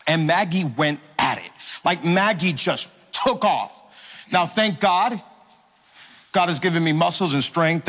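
Energetic pastor in a reverberant hall. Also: male voice, high voice. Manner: energetic and playful, calls out to the crowd. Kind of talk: sermon. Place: church sanctuary. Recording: long hall reverb with faint music.

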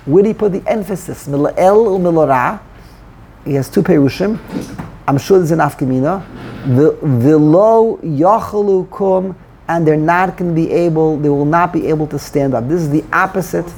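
A man's voice: on the high side, brisk, darkish tone, a little hiss or hum. A man teaching a Torah study class, explaining verses and mixing Hebrew terms into his English.

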